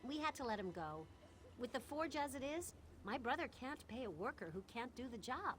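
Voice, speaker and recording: A woman's voice: on the high side, big pitch swings, normal speed, fairly bright tone, faint music behind. An actress voicing a busy, blunt woman who works at a forge, in game character dialogue. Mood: matter-of-fact.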